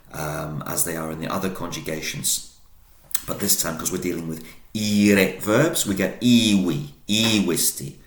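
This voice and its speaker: A deep-voiced man teaches a video lesson in an echoey room. He chants the drill forms out loud, then drops into a low, easygoing explanation with plenty of ums. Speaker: Latin teacher.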